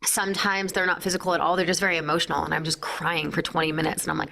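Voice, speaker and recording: A woman's voice: on the low side, quick pace, vocal fry, hardly any pauses, bright, forceful tone. A woman in her thirties, a breathwork founder chatting as a guest, full of "like" fillers. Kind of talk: casual interview chat.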